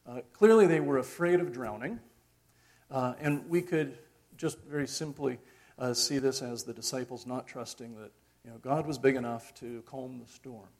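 A middle-aged man preaching a sermon in a reflective, conversational way, pausing often with fillers. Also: mid-range voice, a little mellow.

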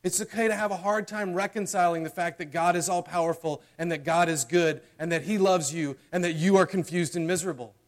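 A young man preaching a sermon in a slightly high voice. He talks in a conversational, earnest way, often checking in with the congregation, and reads scripture with dramatic force. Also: steady tone, brisk, few pauses. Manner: conversational, earnest, with frequent "okay?" and "right?"; dramatic readings of scripture and mock prayers.

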